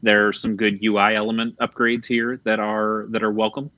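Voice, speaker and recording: Fairly low-pitched and flat, this man speaks at a moderate pace as host of a laid-back video game podcast. Candid and free with swearing, he often trails off mid-thought, over dry, dull and slightly lo-fi audio.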